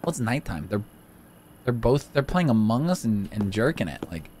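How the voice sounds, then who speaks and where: A man hosting a casual let's-play video, excitable and jokey, chatting to the game's characters as he plays. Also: lowish voice, moderate pace, a little hiss or hum. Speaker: gaming video host.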